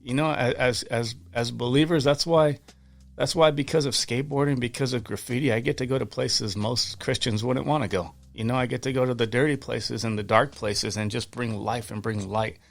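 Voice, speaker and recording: Gravelly earnest man telling faith stories. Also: medium pitch, fairly even intonation, brisk. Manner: earnest, fervent, many restarts and repeated words. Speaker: podcast guest. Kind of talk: casual interview storytelling.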